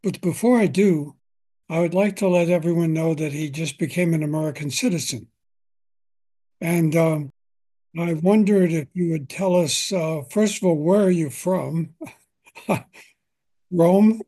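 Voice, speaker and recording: An older man hosting an interview podcast from his home, reading a measured introduction and then asking plain questions. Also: on the high side, warm tone. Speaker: podcast host.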